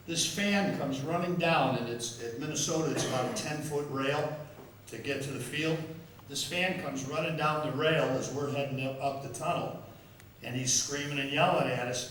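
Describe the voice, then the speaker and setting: An older guest speaker who is a football official tells stories after dinner, clearly amused by them, and often repeats words. His voice is a little high and a bit bright. The large members' dining room gives an echoey, distant sound with a little hiss or hum.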